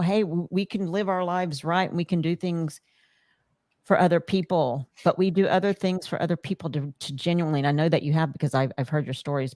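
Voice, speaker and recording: Middle-aged woman podcast host, low voice, earnest personal storytelling, dry close mic. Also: no room sound. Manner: earnest, animated, quotes herself and others.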